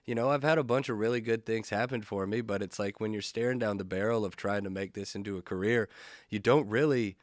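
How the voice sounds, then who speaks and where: Low-voiced laid-back comedian telling stories. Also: male voice, brisk, dry recording, clean studio sound. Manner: laid-back, rambling, profane, self-mocking. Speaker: comedian and podcast host. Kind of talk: casual solo podcast storytelling.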